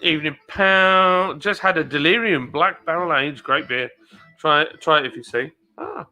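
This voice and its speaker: A man's voice: on the high side, normal speed, bright, forceful tone, soft background music, low-quality recording. An English man hosting a live stream, chatting casually and rambling as he reads out viewer comments. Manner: rambling, chatty, jokey asides.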